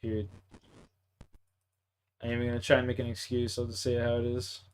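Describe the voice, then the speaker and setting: A man's voice: medium pitch, completely flat delivery, fast, slight background noise. A young man from Canada with a Canadian accent, chatting casually in a laid-back, profane, slangy way. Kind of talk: casual chat.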